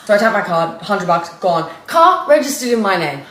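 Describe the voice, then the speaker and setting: A woman with an Australian accent telling a personal story in a lively way, acting out both sides of each conversation. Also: mid-range voice, moderate pace. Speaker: storyteller in a clip. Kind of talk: casual storytelling. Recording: echoey room with faint noise.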